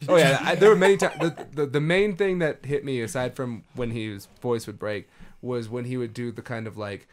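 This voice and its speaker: A man's voice: medium pitch, moderate pace. A man co-hosting a casual movie podcast, making wry, laid-back remarks with some swearing. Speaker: podcast co-host. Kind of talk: casual movie-riffing chat.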